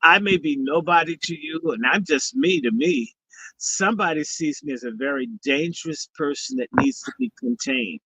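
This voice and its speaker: A man's voice: on the high side, very animated, moderate pace, sharp tone, husky, no room sound. A man speaking as a guest on a live stream, mixing preachy blessings with profanity. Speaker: guest speaker and summit organizer. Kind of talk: casual live-stream talk. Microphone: video call. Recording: dull lo-fi stream audio.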